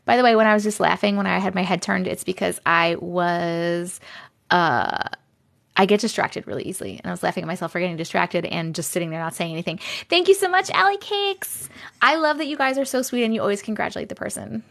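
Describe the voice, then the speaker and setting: A woman's voice: fairly low pitch, fairly quick, creaky, a bit bright. A woman with a New York accent hosting a casual livestream chat from home on a phone, giggly and playful. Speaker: livestream host.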